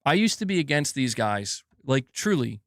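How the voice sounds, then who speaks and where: A man's voice: mid-range voice, big pitch swings, moderate pace, a bit bright, no echo, studio quality. A young man streaming gaming news commentary, ranting heatedly with lots of swearing and filler words while reading super chats.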